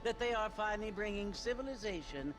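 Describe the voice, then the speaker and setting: A snobbish, prim woman in a game cutscene, voiced by an actress, her pitch rising and falling with disdain. Music plays beneath. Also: lively intonation, fairly quick, lightly acted. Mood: haughty. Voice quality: haughty, prim. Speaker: game character. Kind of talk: video game cutscene acting.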